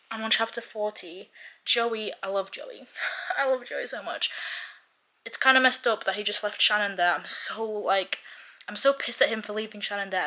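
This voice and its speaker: A woman's voice: on the low side, sharp tone. A woman chatting in a casual reading vlog, gushing emotionally about a book with lots of filler words. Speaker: book vlogger.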